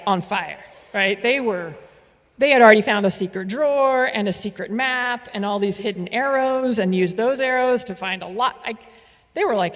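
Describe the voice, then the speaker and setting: A woman telling a story on stage, playful and animated, with laughs and asides. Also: medium pitch. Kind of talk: live storytelling performance. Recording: reverberant hall.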